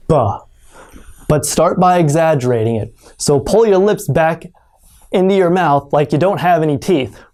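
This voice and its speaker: A native English speaker teaching pronunciation in an online lesson, speaking deliberately and exaggerating sounds to demonstrate them. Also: medium pitch, warm tone.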